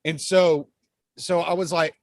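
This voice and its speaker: A man's voice: fairly high pitch, steady tone, a little slow, dry recording. A man hosting a podcast, talking in a rambling, easygoing way with frequent laughs. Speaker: podcast host. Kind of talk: casual podcast chat.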